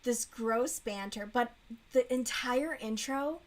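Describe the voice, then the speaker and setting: A woman with a somewhat high voice chats casually as she crochets on a stream. She talks frankly and with open mockery, trailing off with fillers before landing blunt judgments. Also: slow. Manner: blunt, frank, mocking book review with laughs. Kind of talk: casual chat while crocheting.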